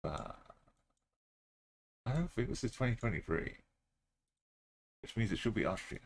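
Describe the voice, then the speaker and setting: Slow, gravelly man thinking aloud. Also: lowish voice, lively intonation, a little hiss or hum. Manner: muttering, thinking aloud, humming to himself. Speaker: streamer playing a geography game. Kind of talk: casual gameplay commentary.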